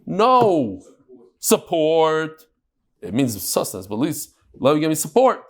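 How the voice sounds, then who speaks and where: Male Talmud teacher, high voice, animated classroom delivery that mixes in Aramaic terms. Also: measured pace. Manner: lively, mixes Hebrew-Aramaic terms into English, jokes with listeners.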